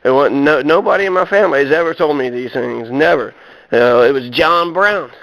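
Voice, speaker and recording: A man speaks a little higher than most men as he rants to his audience. He is blunt and profane, restarting sentences and leaning on fillers as he gets heated. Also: a little fast, vocal fry, a bit bright, lo-fi sound. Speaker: vlogger. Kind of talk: personal rant to camera.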